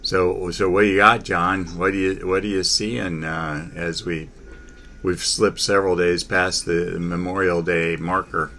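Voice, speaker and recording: A man hosting a casual sports talk chat, halting, with many fillers and restarts. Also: sits low, level tone, bright, forceful tone, a little hiss or hum.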